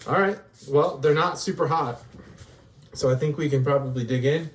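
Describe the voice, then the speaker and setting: A man's voice: on the high side, moderate pace, slight background noise. A cheerful middle-aged dad taste-tests a homemade dish alongside his kids, cracking playful jokes as he goes. His voice is caught from some distance off the mic. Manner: jokey, upbeat, playful dad humor. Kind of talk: casual family food review. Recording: voice picked up from a distance.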